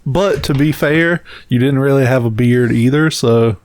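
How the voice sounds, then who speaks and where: A man's voice: mid-range voice, measured pace, a little mellow. A man co-hosting a podcast, chatting casually and teasing his friend in a dry way. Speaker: podcast co-host. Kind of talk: casual chat.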